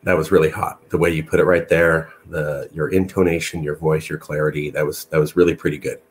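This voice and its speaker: A man's voice: extremely low pitch, flat delivery, a little fast. Enthusiastic man interviewer. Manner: enthusiastic, encouraging. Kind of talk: casual interview.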